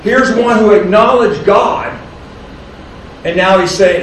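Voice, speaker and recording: A man preaching a sermon, reading scripture slowly and deliberately, then explaining it to a congregation. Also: high voice, fairly bright tone, slight background noise. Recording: distant, very echoey room with faint ambience.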